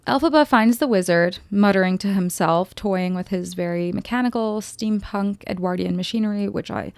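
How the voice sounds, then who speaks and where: A woman's voice: medium pitch, fairly even intonation, moderate pace, gravelly, few pauses, clean tone, no echo. A young woman giving a casual, opinionated spoken film review with sarcastic asides.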